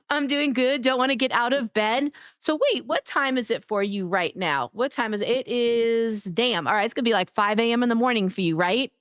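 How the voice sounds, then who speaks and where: A woman streamer chatting casually with her live chat, greeting viewers by name in an affectionate way, her voice a little raspy. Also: a little high, moderate pace, fairly bright tone, no room sound, clean studio sound. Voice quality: somewhat raspy today.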